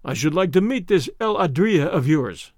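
A man reading a calm, courteous adventurer. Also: a little high, moderate pace, dry recording, clean studio sound. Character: strong, calm jungle-raised adventurer man.

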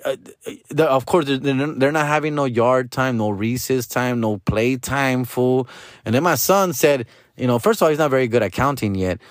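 A man's voice: mid-range voice, normal speed, no echo, clean studio sound. A young man rants in a profane, exasperated stand-up style. He is full of slang and constant swearing. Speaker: comedian. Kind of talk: profane Spanglish stand-up rant.

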